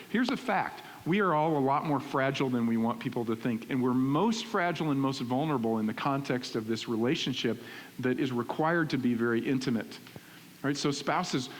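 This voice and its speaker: A middle-aged male pastor preaching in a church, animated and conversational, often checking in with "right?". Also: medium pitch. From Texas. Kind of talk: sermon. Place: church sanctuary. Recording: reverberant church hall with faint hiss.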